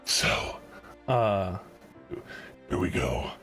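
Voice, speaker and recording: A man running an online tabletop game as game master, talking in a relaxed, rambling way with many fillers and restarts. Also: low voice, extremely slow, soft background music.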